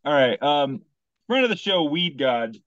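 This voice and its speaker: A man's voice: a little high, big pitch swings, unhurried, fairly bright tone, no echo. Joking man on a dull, dry mic. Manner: jokey, rambling, reads out memes. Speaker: podcast co-host. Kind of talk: casual comedic chat.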